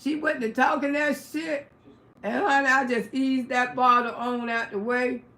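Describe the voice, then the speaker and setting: A brash middle-aged woman spins profane stories on her livestream, her voice pitched high and her outbursts loud. She talks casually to her viewers, and her voice rings around a roomy, echoey space. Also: steady tone, a little slow. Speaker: livestream host.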